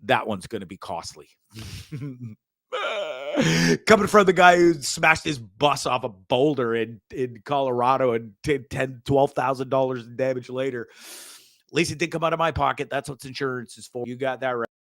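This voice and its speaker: A man's voice: mid-range voice, moderate pace, a bit bright, no echo, studio quality. A man hosting a show, casually commenting on videos with frequent swearing, stammered repeats and laughter. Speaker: show host.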